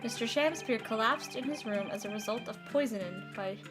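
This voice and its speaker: Eager English male detective, as a woman puts him on, brisk witness delivery. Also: on the high side, over music, lightly acted. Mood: reporting.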